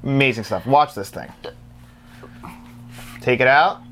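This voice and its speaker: A man in a middle pitch, talking casually as co-host and joking with his partner. He laughs often and gets animated. A faint noise hums behind him. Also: measured pace. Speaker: co-host of a physical media show. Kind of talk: casual chat.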